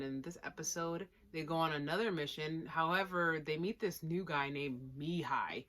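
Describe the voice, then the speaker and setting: A woman's voice: lowish voice, a bit bright. A young woman casually reviewing an anime episode at home, slangy and sarcastic with giggly asides. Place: home room with plushies.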